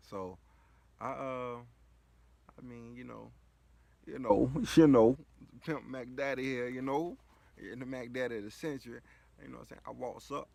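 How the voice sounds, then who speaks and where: A man's voice: mid-range voice, normal speed, creaky, long pauses, darkish tone. A man casually telling a story, rambling and slangy, with lots of filler phrases. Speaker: vlogger.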